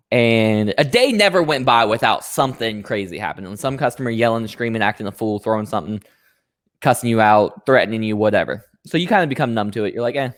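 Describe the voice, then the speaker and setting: A man's voice: on the low side, brisk, no room sound. A man hosting a podcast who tells a long story, acting out every character's lines with plenty of swearing. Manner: animated storyteller who acts out both sides, profane. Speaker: podcast host. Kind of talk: casual storytelling chat.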